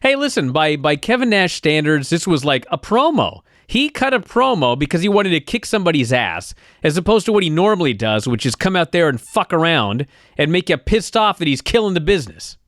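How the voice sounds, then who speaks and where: A man's voice: a little high, very animated, a little fast, a bit bright, no echo. A man co-hosting a podcast from a studio, chatting casually in an opinionated and profane way. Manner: opinionated, profane wrestling banter. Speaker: podcast co-host. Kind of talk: casual chat.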